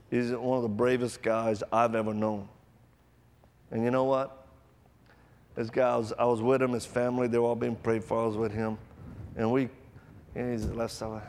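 Preacher guy, lively storytelling sermon, acts out voices, echoey big hall. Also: medium pitch. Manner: animated, acts out voices in stories, loud bursts. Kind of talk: sermon with storytelling and altar call.

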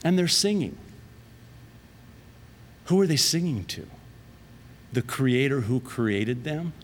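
A man preaching a sermon in a lively, conversational way, often laughing at his own jokes. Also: mid-range voice, slow pace. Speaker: pastor. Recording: long reverb of a large hall.

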